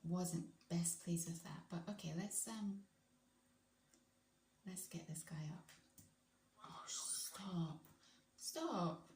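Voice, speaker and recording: A woman chats to her viewers in a casual reaction vlog, now and then sliding into hushed asides. Her voice sits a little low. The room sounds roomy, with faint background noise behind her. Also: steady tone, takes it slowly, pauses often. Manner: chatty, drops into hushed whispered asides. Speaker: vlogger.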